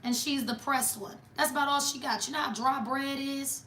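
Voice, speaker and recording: A woman's voice: high voice, steady tone, moderate pace, bright, forceful tone, echoey room, a little hiss or hum. A woman doing a casual tarot reading for viewers, talking in a blunt, mocking, sassy way. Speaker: tarot reader.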